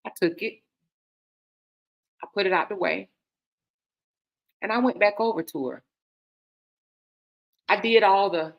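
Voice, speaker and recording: A woman host, casually telling a personal story in a candid, emphatic way, moving between hushed asides and loud stresses. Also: medium pitch, a little slow, creaky, pauses often, dull audio.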